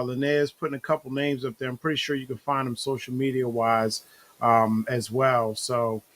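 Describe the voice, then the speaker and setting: A male host speaks in an encouraging way to his guest. His talk wanders, with many ums and restarts, and his voice sits at an average pitch for a man. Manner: encouraging, rambling with fillers. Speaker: interview host. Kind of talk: casual interview talk.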